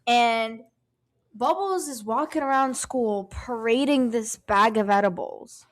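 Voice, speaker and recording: With a fairly high voice, this young adult podcast co-host takes her story slowly. The chat is casual, but she's animated, profane, and acts out every quoted line.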